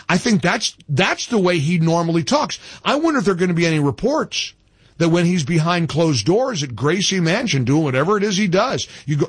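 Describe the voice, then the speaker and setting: A man's voice: on the high side, slightly rough, no room sound. A man hosting a talk radio show, talking in an emphatic, indignant way and often repeating himself.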